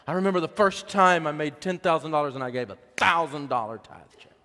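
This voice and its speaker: A man's voice: fairly high pitch, lively intonation, quick pace, hardly any pauses. Folksy middle-aged man preaching in a hall. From United States. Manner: folksy, emotional, swings between loud preaching and soft hush. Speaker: speaker on faith and money. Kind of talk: sermon-style storytelling talk.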